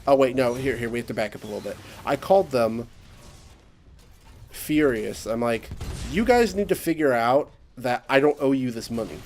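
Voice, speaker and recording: A man's voice: mid-range voice, lively intonation, normal speed, long pauses, a little mellow, slight background noise. A young man ranting casually to camera, exasperated and sarcastic, mimicking other people's voices when he quotes them. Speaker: vlogger. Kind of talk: casual rant.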